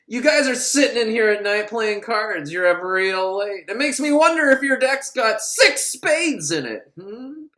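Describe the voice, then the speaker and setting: A man's voice: sits high, lively intonation, a little slow, few pauses, pushed and bright, roomy sound, voice pushed up, full character voice. A man doing a smug, taunting prison captain. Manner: smug, taunting, mock-menacing. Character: scheming sadistic prison guard captain, male, middle-aged.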